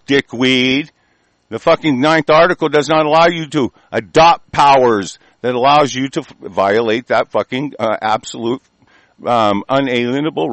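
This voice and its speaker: Male talk-show host, angry profane rant, mid pitch, dry close sound. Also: a bit bright, no room sound. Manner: angry, profane, rambling with restarts.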